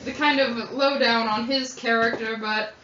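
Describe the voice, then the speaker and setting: Woman doing a chatty bookish town girl, rambly, kinda high, dull roomy audio. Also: fairly even intonation, measured pace, sharp tone, a little hiss or hum. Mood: gossipy. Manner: rambling, gossipy, lots of fillers. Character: chatty young woman townsperson, bookish magic hobbyist. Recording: dull, roomy home recording.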